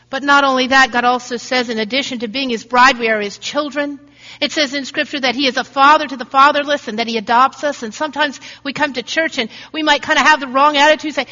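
Woman preacher, earnest storyteller, bright high voice, muffled sound in a long hall echo. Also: steady tone, fast talker. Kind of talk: sermon. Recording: dull recording in a reverberant hall.

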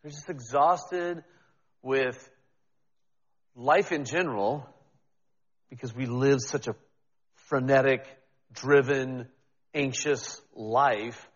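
A man's voice: mid-range voice, slow pace, pauses often, long reverb tail, dull audio. A man preaching a sermon as pastor, talking in a conversational, self-deprecating way with frequent restarts.

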